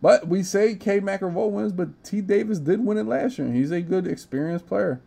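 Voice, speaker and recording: A man's voice: high-pitched, moderate pace, vocal fry, warm tone. A young man hosting a casual gaming podcast, talking brash, profane trash talk. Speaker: podcast host.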